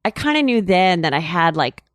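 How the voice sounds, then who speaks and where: A woman's voice: lowish voice, sing-song, moderate pace, no room sound, studio quality. A woman talking as an interview guest, rambling and candid, full of "like" and "you know". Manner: chatty and candid, laughs while telling. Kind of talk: casual storytelling interview.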